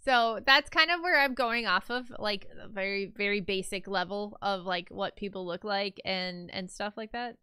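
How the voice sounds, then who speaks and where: A woman's voice: mid-range voice, moderate pace, hardly any pauses, bright, forceful tone, smooth, no room sound, clean studio sound. A young woman streamer in casual chat with her viewers, rambling and chatty with lots of fillers.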